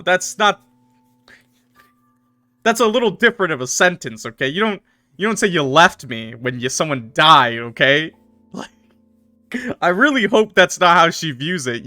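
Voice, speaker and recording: Bright-voiced young streamer joking. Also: male voice, a little high, sing-song, measured pace, pauses often, dry recording. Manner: loud outbursts and laughter, crude jokes. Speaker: let's play streamer. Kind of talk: reading aloud and joking commentary. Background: faint game music.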